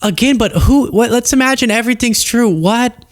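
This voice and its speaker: A man's voice: extremely high pitch, moderate pace, no room sound. Wry male commentary host, dry sound. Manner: wry, incredulous asides. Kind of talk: casual commentary on played clips.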